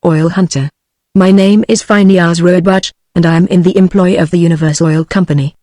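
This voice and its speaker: A woman's voice: fairly low pitch, fairly even intonation, normal speed, warm tone, dry recording, studio quality, natural voice. Synthetic woman voice reading a chatty fat oil prospector. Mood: explaining. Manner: synthetic evenly read speech. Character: fat middle-aged male oil prospector, talkative.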